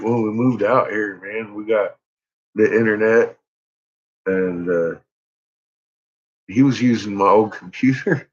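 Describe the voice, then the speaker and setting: Slow, husky-voiced man, laughing and swearing. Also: on the low side. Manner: laughs often, swears freely. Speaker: vlogger, father. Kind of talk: casual storytelling. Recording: dull lo-fi sound.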